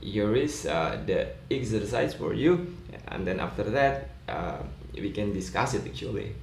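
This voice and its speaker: A man explaining an English pronunciation lesson in a slow, measured way, pausing on fillers as he goes. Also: fairly low pitch, animated, gravelly. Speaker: lecturer. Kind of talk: recorded lesson explaining rules. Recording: echoey room, faint background noise.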